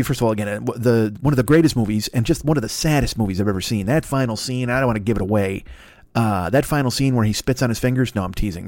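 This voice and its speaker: A darkish, mid-range male voice, recorded dry, belongs to an older man doing a solo podcast. He riffs crudely and mocks himself in a profane, rambling monologue into a laptop-connected desk mic.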